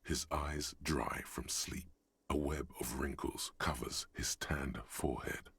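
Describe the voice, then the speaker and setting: An actor playing a solemn male narrator in a video game, describing the scene in a measured way. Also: very deep voice, steady tone, fairly bright tone, husky, no room sound, in a whisper, exaggerated voice. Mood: grave.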